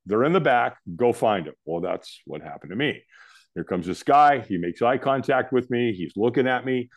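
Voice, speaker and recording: An older man from California, a podcast guest telling a personal story in a lively way, acting out the other people's lines. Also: mid-range voice, moderate pace. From California, USA. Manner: animated storyteller who acts out the quoted voices. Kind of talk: storytelling in an interview.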